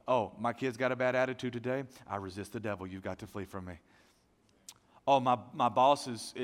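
A middle-aged man preaching a sermon as pastor, dynamic, swinging from loud to hushed. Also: mid-range voice. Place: church sanctuary. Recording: long hall reverb.

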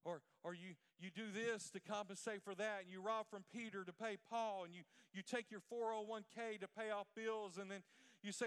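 A man's voice: high-pitched, steady tone, brisk, a bit bright, clean tone, long reverb tail. A middle-aged man preaching a sermon as pastor, asking the congregation questions and waiting for the answer. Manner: preaching with call-and-response questions.

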